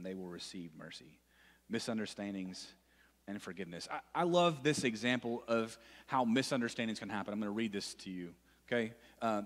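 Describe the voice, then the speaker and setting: A man's voice: fairly low pitch, fairly bright tone. A male youth pastor preaching to students in a conversational way, often repeating himself and checking in with "right?". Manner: conversational, repeats phrases, frequent "right?" asides. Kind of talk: sermon to students. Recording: long reverb in a hall.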